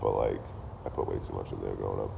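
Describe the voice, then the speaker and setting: Low-voiced man ranting profanely. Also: fast talker, gravelly, heavy background noise. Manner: profane, animated ranting with repeated lines. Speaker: streamer. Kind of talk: casual rant to a live chat.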